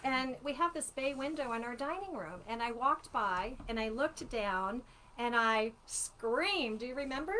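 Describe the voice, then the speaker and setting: Woman, 60s, slightly high voice, chatty livestream storyteller, faint room noise. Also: a little slow. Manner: chatty and animated, warm with viewers. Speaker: author hosting a live book launch. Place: at home.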